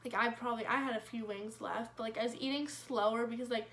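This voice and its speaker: A woman's voice: a little high, fairly even intonation, fast, fairly bright tone. A young woman vlogger telling a storytime in a rambling, casual way, full of fillers and swearing, with wry self-mockery.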